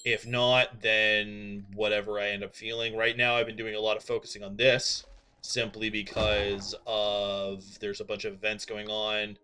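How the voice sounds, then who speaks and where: A man's voice: on the low side, level tone, a little slow, pushed and bright. A young man from Canada chatting casually with viewers on a live stream while he plays, rambling and full of fillers as he gets distracted.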